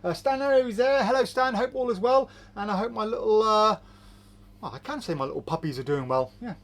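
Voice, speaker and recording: A man hosts a relaxed live stream from a shop. He reads out viewer comments one after another and adds his own chatty remarks, laughing easily along the way. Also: high voice, brisk. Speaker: host of a magic shop's live show. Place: magic shop studio.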